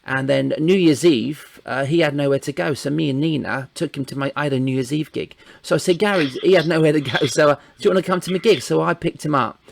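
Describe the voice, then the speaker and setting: A man's voice: fairly high pitch, quick pace, vocal fry, few pauses, slight background noise. A man hosting a casual chat, laughing often as he reminisces about old shows. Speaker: podcast host.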